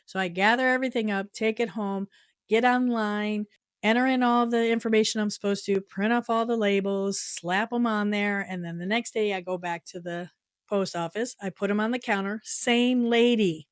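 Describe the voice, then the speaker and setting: A woman's voice: medium pitch, normal speed, no room sound, studio quality. A middle-aged woman vlogger telling a story in a casual way, acting out quoted lines in an exasperated tone. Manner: animated retelling with exasperated quoted dialogue.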